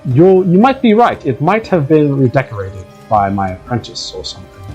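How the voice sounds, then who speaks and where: A man's voice: medium pitch, lively intonation, normal speed, a little mellow, faint music behind, close to an everyday voice. A man voicing a talking goat who is a wizard, musing in a chatty, offhand way.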